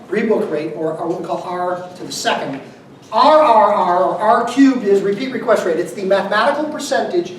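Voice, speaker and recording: A man giving an emphatic motivational seminar talk, repeating key numbers and quizzing his audience. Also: high voice. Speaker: business seminar speaker. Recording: very echoey room, mic far off, faint noise.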